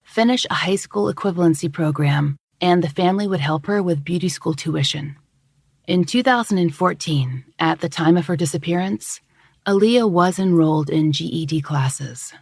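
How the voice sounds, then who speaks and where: A woman host reading scripted true-crime narration in a measured, even way. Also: lowish voice, vocal fry, breathy edge, no echo, clean studio sound. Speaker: podcast host.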